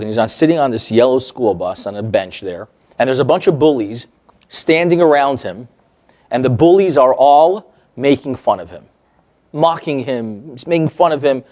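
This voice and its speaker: A male therapist teaching a workshop, telling client stories in a lively way and checking in with the audience. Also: mid-range voice. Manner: animated, acts out quoted remarks, checks in with the audience.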